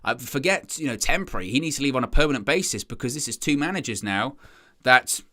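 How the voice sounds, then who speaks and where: A man hosts a fan channel stream in a casual, rambling chat, reading out viewer comments. His voice is bright and animated. He slips into little imagined voices of other fans now and then. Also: medium pitch, quick pace.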